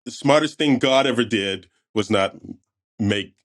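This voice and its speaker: Eager guy hosting a podcast, kinda low voice, laughs a lot, rambly asides. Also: unhurried. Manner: enthusiastic, laughs often, chatty asides. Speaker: podcast host. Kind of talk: casual podcast interview.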